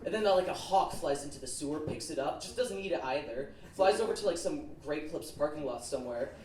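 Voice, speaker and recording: A man's voice: a little high, lively intonation, a little fast, darkish tone, a little hiss or hum. A teenage boy telling a rambling story on stage as a student comedian, with lots of filler words. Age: teens. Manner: nervous, rambling storytelling with many "like"s. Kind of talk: stand-up comedy set. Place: comedy club stage with laughing audience. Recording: roomy, distant club recording with crowd.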